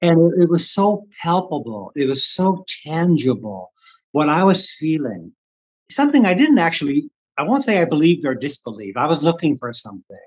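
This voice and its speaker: A man's voice: on the high side, big pitch swings, normal speed, breathy edge, lo-fi sound. An older man from the Midwestern United States, candidly telling a story as an interview guest and acting out his own past thoughts. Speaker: guest, Reiki teacher.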